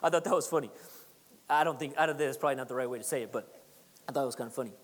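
Pastor, mid-pitched, animated delivery, repeats for emphasis, reverberant sanctuary. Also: rapid-fire. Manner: conversational, repetitive emphasis, teasing asides. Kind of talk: sermon. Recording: long reverb of a large hall.

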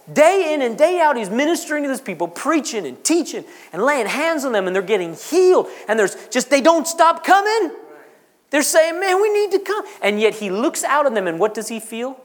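A man preaching a sermon, repeating phrases for emphasis and pausing dramatically. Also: very high-pitched, very animated. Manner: repetitive, emphatic delivery with dramatic pauses. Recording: long reverb of a large hall.

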